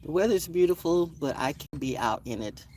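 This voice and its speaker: A woman's voice: low voice, lively intonation, brisk, warm tone, slight background noise. A woman vlogging on a morning nature walk, playfully musing aloud about birds and astrology, recorded outdoors on a handheld phone. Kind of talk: casual rambling morning talk on a nature walk. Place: outdoors in a front yard. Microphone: phone held in hand.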